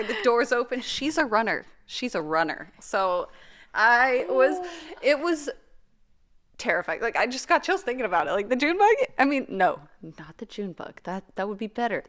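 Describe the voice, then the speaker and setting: Twenty-something woman cohosting a podcast, swears a lot, tells stories all animated, says like constantly. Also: fairly high pitch, moderate pace. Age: 20s. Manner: animated storytelling, frequent swearing and "like". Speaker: podcast co-host. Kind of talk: casual chat.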